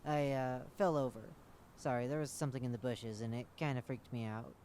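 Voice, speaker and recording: A man's voice: mid-range voice, fairly even intonation, fairly quick, darkish tone, slight background noise, close to an everyday voice. A man voicing a clumsy, jumpy young male field operative who stammers and apologizes. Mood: sheepish.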